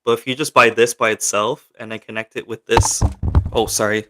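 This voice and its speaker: Background noise accompanies a young man hosting a casual livestream, where he reads chat questions aloud and answers in a loose, filler-heavy ramble. His lowish voice is flat in delivery and brisk.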